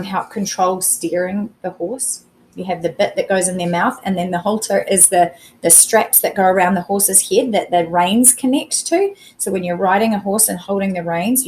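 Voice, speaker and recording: A woman teacher talks through a spelling lesson at an ordinary, middle pitch. She is patient and measured, stopping on each word to explain it with plain examples. A faint hiss of noise sits behind her voice. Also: a little mellow, rough recording. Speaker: primary school teacher.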